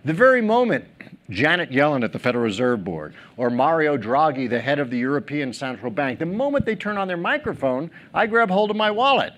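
A man's voice: a little high, brisk. A middle-aged man giving a keynote speech on a theater stage, telling stories, acting out quotes and joking with the audience. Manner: animated storyteller, acts out quotes, jokes with audience. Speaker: keynote speaker.

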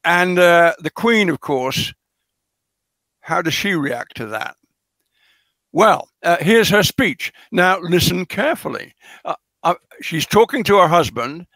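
A man's voice: high-pitched, expressive, slow, a bit bright, no room sound. A man being interviewed as a scholar, explaining in a lecturing way with frequent hesitations and fillers, stressing key words for emphasis.

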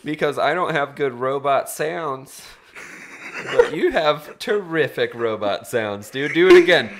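A man's voice: a little high, lively intonation, unhurried. A man co-hosting a casual comedy podcast, riffing loosely with lots of swearing and "dude". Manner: profane, riffing, calls people dude. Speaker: podcast co-host.

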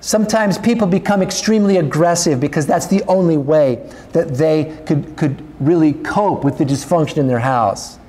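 Earnest pastor with a mellow voice. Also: male voice, moderate pace, few pauses. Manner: earnest, urging, rises in pitch when exhorting. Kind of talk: sermon.

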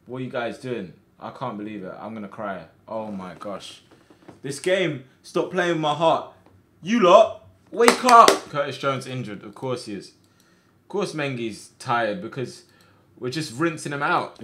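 A man streaming a football management game, reacting out loud with groans and cheers as he commentates. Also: medium pitch. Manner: excitable, shouts at players, swings between groans and cheers. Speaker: gaming streamer.

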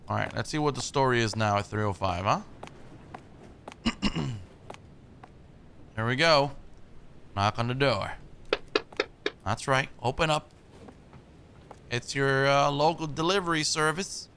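A young man narrates his play through a horror game in a gravelly, forceful voice. He jokes nervously and swears when startled. Faint noise sits under the recording. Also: medium pitch, measured pace, long pauses. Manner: jumpy, swearing, nervous joking. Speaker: gaming YouTuber.

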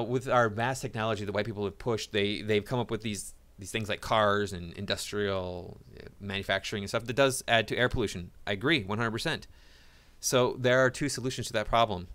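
An online commentator gives casual reaction commentary in a lowish, somewhat bright voice. He's sarcastic and mocking, frequently restarting and stumbling over repeated words.

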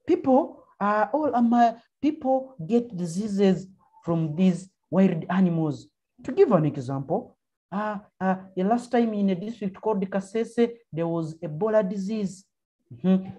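A woman's voice: on the low side, dark tone, highs cut off. A woman teacher with a Ugandan English accent, leading an online primary class over a video call, encouraging pupils with frequent uh-huhs. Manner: encouraging, prompting with frequent uh-huh and mm-hmm.

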